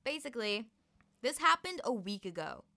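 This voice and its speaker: A young woman telling a story in a casual chat, animated and laughing often. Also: a little high, moderate pace, a crowd in the background.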